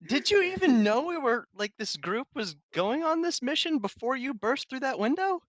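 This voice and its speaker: A woman presses another player with questions during a tabletop game. Her pitch swings widely, and the sound is dry and close. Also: big pitch swings, normal speed, no echo. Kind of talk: casual tabletop play.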